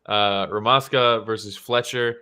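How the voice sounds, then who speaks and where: Casual bright-voiced man chatting about fights. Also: fairly low pitch, measured pace, smooth. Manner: relaxed, swears often, acts out quotes. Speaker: podcast co-host. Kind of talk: casual chat reacting to fight photos.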